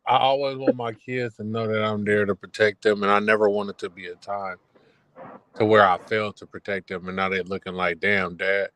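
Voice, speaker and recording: A man's voice: fairly low pitch, steady tone, a little fast, a bit bright, no room sound, rough recording. A man co-hosting a casual chat, speaking emphatically and backing up his co-host. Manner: emphatic, backs up the other host. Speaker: podcast co-host.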